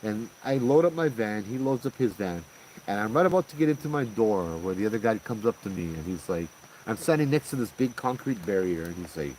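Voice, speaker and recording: A man's voice: fairly low pitch, brisk, a little hiss or hum, rough recording. Hawaiian-accented man spinning a ghost story. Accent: Hawaiian Pidgin-tinged English. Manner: animated, slangy, lots of "I'm like". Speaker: host telling ghost stories. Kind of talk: casual spoken storytelling.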